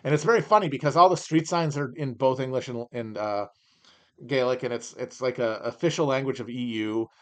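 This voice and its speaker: A man hosting a podcast, riffing in a sarcastic, profane, rambling way while he reads aloud and comments. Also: medium pitch. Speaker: podcast host. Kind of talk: casual comedic commentary.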